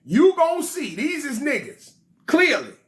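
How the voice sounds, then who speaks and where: A man's voice: extremely high pitch, huge pitch swings, a little slow, a bit bright. A man retelling and reading an ancient text to a study group in a joking way, full of slang.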